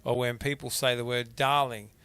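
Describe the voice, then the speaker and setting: Male let's-player, bright gravelly voice, trips over words reading out notes. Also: mid-range voice, flat delivery, moderate pace. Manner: chatty, stumbling over words while reading. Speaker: gamer playing through a mystery game. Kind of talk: let's play commentary, reading letters aloud.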